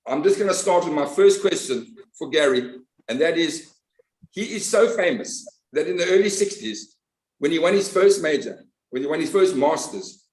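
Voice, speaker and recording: A man hosting a talk panel, introducing his guests with enthusiastic praise. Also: a little high. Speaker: host. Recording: roomy echo.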